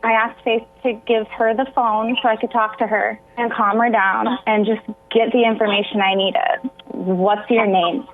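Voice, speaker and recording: A woman's voice: fairly high pitch, little pitch movement, normal speed, few pauses. A woman guest on a radio interview, telling a personal story with emotion that sometimes breaks into tears. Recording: tinny phone line.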